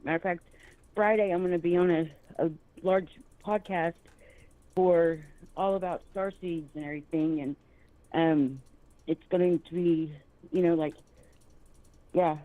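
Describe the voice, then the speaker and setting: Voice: medium pitch, steady tone, measured pace, pauses often, no room sound, narrow, tinny audio. A guest on a live show who rambles, using many fillers like um and you know. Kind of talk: casual chat.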